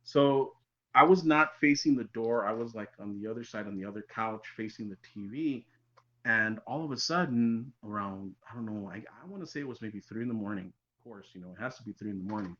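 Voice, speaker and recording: A man recounts his own eerie encounter as a podcast guest. His voice is bright and forward, with a slightly dull, lo-fi sound. He swings from animated telling to hushed, quiet passages. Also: fairly low pitch, fairly quick. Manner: animated storyteller, drops to near-whispers for tense moments. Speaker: interview guest. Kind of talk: telling a personal encounter story.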